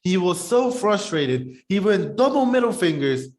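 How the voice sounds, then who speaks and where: Guy with a high voice rambling on a podcast, animated, chatty. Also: moderate pace. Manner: rambling, animated, talks while eating. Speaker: podcast co-host. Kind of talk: casual chat.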